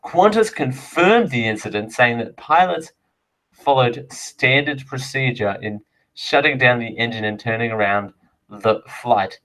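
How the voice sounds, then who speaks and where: A man hosts a live show, reading items out and drifting into chatty, rambling asides. His voice is medium-pitched with a sharp tone, and the recording is rough.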